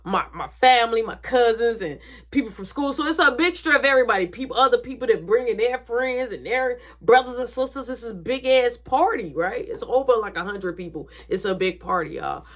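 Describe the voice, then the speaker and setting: A woman's voice: on the high side, expressive, brisk, fairly bright tone. A woman telling a story in a casual, dramatic way, swearing freely.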